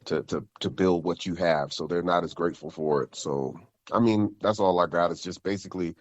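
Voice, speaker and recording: Man, podcast co-host, very deep voice, muffled lo-fi sound, stop-start delivery with repeated words. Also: no room sound. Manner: halting, repeats words while building thoughts. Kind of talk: casual podcast chat.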